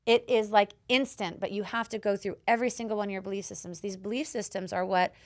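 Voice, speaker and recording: A woman hosting a podcast, telling stories in casual chat, swearing freely and acting out quotes with a loud, lively voice. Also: mid-range voice, quick pace. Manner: animated storyteller who swears and acts out quotes loudly. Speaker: podcast host. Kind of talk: casual chat, coaching advice.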